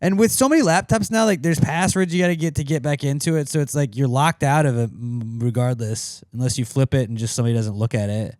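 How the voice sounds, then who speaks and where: A man's voice: mid-range voice, fast talker, hardly any pauses, darkish tone, no room sound, clean studio sound. A man co-hosting a podcast, joking around in casual banter and swearing freely. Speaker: podcast co-host.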